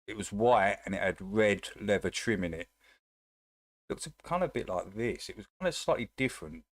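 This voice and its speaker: An Essex man hosts a live chat, laughing and joking easily as he comments. His voice sits at a middle pitch, close to the mic in a dry room. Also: animated, fairly quick, no echo. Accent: Essex English. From England. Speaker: livestream host.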